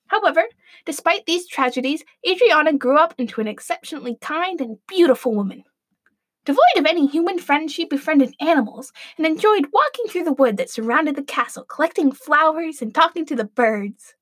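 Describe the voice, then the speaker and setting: A woman's voice: sits high, animated, brisk, no echo, clean studio sound. A woman telling a comedic fairy tale as host of a show, with wry, playful asides.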